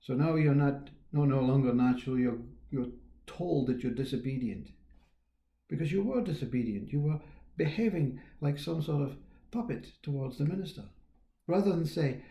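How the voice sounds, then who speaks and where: Mellow gravelly man musing in an echoey room. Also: medium pitch, lo-fi sound. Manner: unhurried, musing, trailing off and restarting, quiet chuckles. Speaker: spiritual teacher. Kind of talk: reflective spiritual talk.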